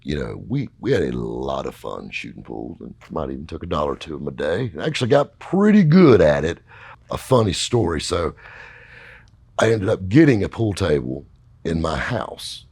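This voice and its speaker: A man's voice: very deep voice, sing-song, normal speed, gravelly, slightly rough, dry recording. A middle-aged man telling a long story casually, rambling and folksy, with lots of fillers. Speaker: podcast host telling a story.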